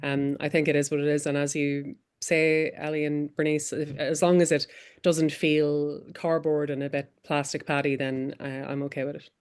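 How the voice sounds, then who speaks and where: A woman film director speaking as a panel guest, relaxed and easygoing. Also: low-pitched, normal speed, clean tone. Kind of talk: panel discussion.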